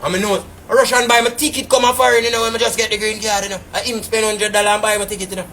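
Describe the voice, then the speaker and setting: A man's voice: high voice, fairly even intonation, rapid-fire, pushed and bright, a little hiss or hum. A man with a Jamaican patois accent, ranting casually and indignantly on a live stream, rambling and repeating fillers. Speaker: businessman telling his side.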